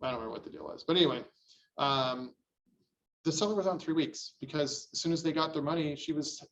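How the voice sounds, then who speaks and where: A middle-aged man teaching real estate agents in a loose, animated way, often jumping into a higher voice to act out his clients. His voice sits a bit high for a man. He sounds set back from the mic, and the recording is a little dull. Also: fast talker, distant mic, a little hiss or hum. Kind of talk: training lecture.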